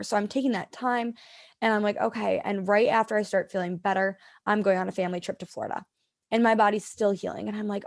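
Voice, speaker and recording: A woman's voice: medium pitch, steady tone, fast, creaky. A young woman in her twenties, a podcast guest, chatting casually and filling her talk with "like". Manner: chatty, lots of "like", talks to herself in quotes. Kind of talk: casual interview chat.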